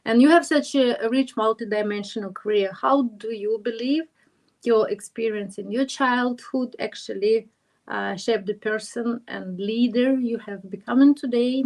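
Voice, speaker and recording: Enthusiastic female podcast host, a bit high-pitched, effusive. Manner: effusive, enthusiastic with halting phrasing. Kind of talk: podcast interview.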